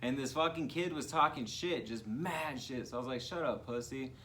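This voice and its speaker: A young man co-hosting a casual comedy podcast, a loud, laughing storyteller who acts out quotes in raised voices. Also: mid-range voice, moderate pace, a little hiss or hum. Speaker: podcast co-host.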